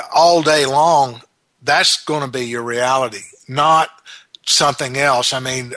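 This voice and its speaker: A man hosts a self-help show and gives an earnest motivational talk. His voice is bright and forward. The sound is dry and close, and he slowly repeats each affirmation for emphasis. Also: mid-range voice, no room sound.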